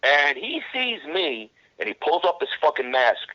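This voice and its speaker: A man's voice: a little high, sing-song, unhurried, pushed and bright, no echo, lo-fi sound. A man guest in an interview, telling a war story in blunt, profane language and often restarting his sentences. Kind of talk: casual storytelling.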